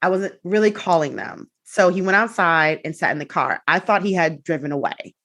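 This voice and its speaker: A young adult woman telling a personal story in a casual, animated way, acting out the quotes. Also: lowish voice, moderate pace. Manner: animated, acts out quotes with laughs and swearing. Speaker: guest.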